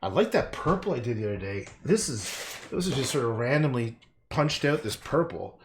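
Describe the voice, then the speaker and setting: A man's voice: mid-range voice, lively intonation, brisk, a little hiss or hum. A man livestreaming as he paints, rambling to himself with casual swearing and self-mocking jokes. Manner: playful, self-mocking asides. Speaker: painter livestreaming his work. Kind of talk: rambling live commentary while painting.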